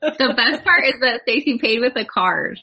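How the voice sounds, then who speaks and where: Teasing woman, kinda high bright voice, a bit husky. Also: expressive, moderate pace. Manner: teasing, prodding interjections. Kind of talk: casual chat.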